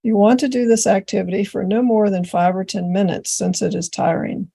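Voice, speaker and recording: Tutor trainer, woman, gravelly and mellow, steady step-by-step explaining. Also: medium pitch, fairly quick. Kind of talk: instructional presentation.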